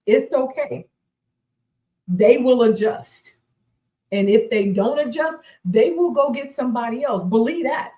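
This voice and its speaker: A woman's voice: on the high side, lively intonation, a little slow, mellow, roomy sound, low-quality recording. A woman in her forties hosting a radio show, giving casual motivational talk, emphatic and repeating herself, laughing often. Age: 40s.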